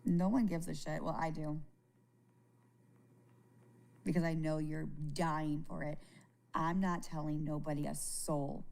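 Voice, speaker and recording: A woman talking casually to viewers on a live stream, candid and halting, swearing freely and often restarting her sentences. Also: sits low, level tone, gravelly, darkish tone. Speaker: livestreamer.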